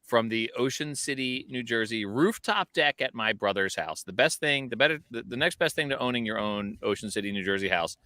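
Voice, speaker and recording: Bright, jokey man on a rooftop. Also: medium pitch, animated, fairly quick, few pauses, no echo, studio quality. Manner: jokey, self-mocking banter. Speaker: podcast co-host. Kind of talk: casual chat. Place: rooftop deck near the ocean, outdoors.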